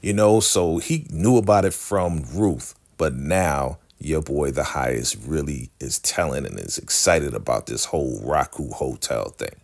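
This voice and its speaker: A man casually recapping a TV episode, chatty and animated, with slang. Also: rumbling low, measured pace, creaky, few pauses. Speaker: TV show recapper.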